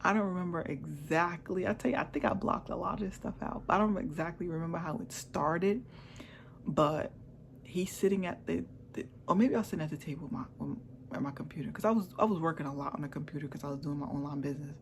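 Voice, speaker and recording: A woman's voice: low voice, fast, vocal fry, slight background noise. Candid woman telling her own story. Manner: candid, chatty, repeats herself. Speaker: vlogger. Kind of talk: personal storytelling.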